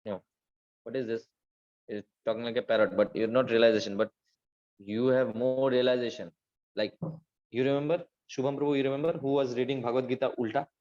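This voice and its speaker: A man giving a devotional scripture class, telling stories with lively acted-out quotes and quickly chanted verses. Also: medium pitch. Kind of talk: Gita class lecture. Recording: slightly dull lo-fi recording.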